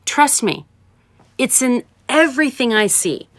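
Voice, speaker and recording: A woman's voice: sits high, big pitch swings, measured pace, dry recording. A woman hosting an advice podcast, talking casually and urging listeners on with emphatic repetition. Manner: warm, emphatic, coaching tone with repeated urgings. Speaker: podcast host and relationship advisor.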